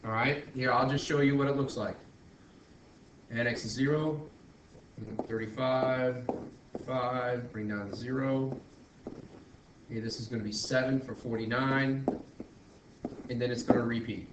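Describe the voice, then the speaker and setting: A man's voice: mid-range voice, fairly even intonation, measured pace, long pauses. A male math teacher talking through a screen-recorded lesson, working step by step with frequent restarts and self-corrections. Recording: roomy echo, faint background noise.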